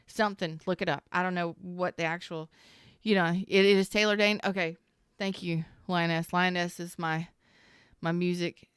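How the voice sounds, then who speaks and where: A woman with a fairly low voice gives a casual tarot reading, speaking earnestly and emotionally as she addresses the listener head-on. Her voice is exceptionally clear and smooth, and the recording is dry and close, with no room sound. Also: fairly even intonation, moderate pace, no room sound. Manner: emotional, earnest, talks straight to the listener with frequent sighs and repeats; informal, swears now and then. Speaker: tarot reader.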